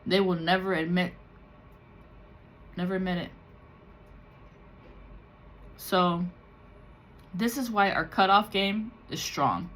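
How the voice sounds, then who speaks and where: A woman's voice: lowish voice, takes it slowly, long pauses, a bit bright. A woman tarot reader talking raw and confessional in a personal vlog, swearing freely and slipping into the voices of people she quotes. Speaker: tarot reader and spiritual content creator. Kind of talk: candid emotional personal vlog.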